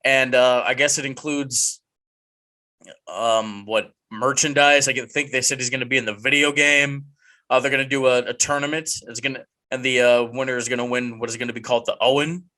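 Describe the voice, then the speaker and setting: A man's voice: mid-range voice, steady tone, brisk, sharp tone. A man hosting a casual podcast with friends, joking and mock-dramatic, rambling with restarts. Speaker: podcast host.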